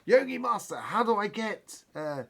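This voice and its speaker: This is a man doing a young male student, shouting across to his teacher. The voice jumps well above the teller's own, loud and eager. It sits inside a spoken joke. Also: very animated, moderate pace, gravelly, heavily acted. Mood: pleading. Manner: high calling-out voice.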